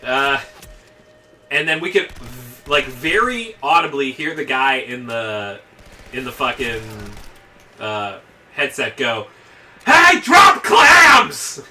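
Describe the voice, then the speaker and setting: Bright, profane man rambling over gameplay. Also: mid-range voice, takes it slowly, recorded from a distance. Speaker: let's play commentator. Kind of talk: casual gaming commentary.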